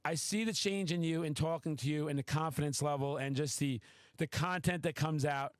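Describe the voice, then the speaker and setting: A man with a high voice tells a story on a podcast, excitable and quick to swear. The sound is dry and close to the mic. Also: no room sound. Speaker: podcast host. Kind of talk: casual podcast chat.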